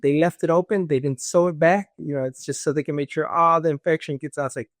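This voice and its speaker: A man's voice: on the high side, fairly even intonation, fast talker, no room sound, studio quality. A man telling a personal story in casual conversation, acting out the voices of others with fillers like "this and that". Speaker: guest.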